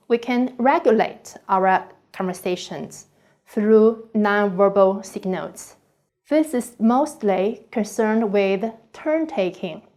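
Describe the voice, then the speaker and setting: A woman reading a scripted online course lecture slowly and carefully, with deliberate pauses. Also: medium pitch, a little mellow.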